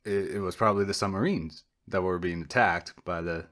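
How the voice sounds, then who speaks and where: A man's voice: deep voice, fairly even intonation, brisk, fairly bright tone. A young man co-hosting a podcast alone, rambling and meandering with jokey asides and self-interruptions. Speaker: podcast co-host. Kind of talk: solo rambling podcast monologue.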